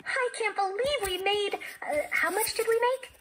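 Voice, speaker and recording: A gushing, generous young girl who squeals when she is thrilled, voiced by a woman reading aloud. Her voice sits high and bright. It comes from a storybook read aloud. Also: big pitch swings, moderate pace, slight background noise, heavily acted. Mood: squealing. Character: excited young schoolgirl, bubbly and generous.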